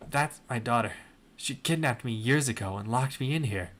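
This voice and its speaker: A man voicing a gaunt, weak older male captive who speaks slowly and softly. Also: mid-range voice, close to an everyday voice. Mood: weary. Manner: slow and soft-spoken.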